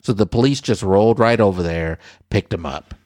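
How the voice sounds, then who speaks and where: A man in his forties hosting a casual show, reading odd news stories and bantering in an animated, exclaiming way. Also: fairly low pitch, normal speed, dry recording, studio quality. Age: 40s. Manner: animated, exclaiming, addressing viewers as guys. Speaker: show host.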